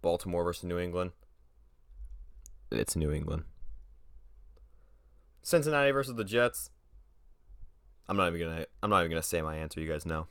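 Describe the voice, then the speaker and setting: Low-voiced young man rambling through picks. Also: animated, normal speed, long pauses, fairly bright tone, clear, resonant tone, no room sound. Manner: offhand and rambling, trails off and corrects himself mid-thought. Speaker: sports video host. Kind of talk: casual solo prediction video.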